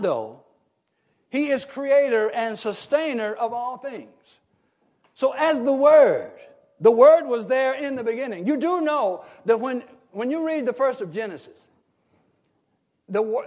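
A man with a very high-pitched voice preaches a sermon, asking the congregation questions and building to emphatic shouts as they call back. The congregation's responses can be heard in the background.

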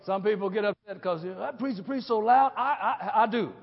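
A man preaches with great passion in a very high voice, sinking to near whispers and then bursting into shouts. He often repeats and restarts his phrases as he drives each point home. The sound is dull and muffled, carried by the long reverb of a church hall. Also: moderate pace. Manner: impassioned, swings from hushed to shouting. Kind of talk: sermon. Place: church sanctuary.

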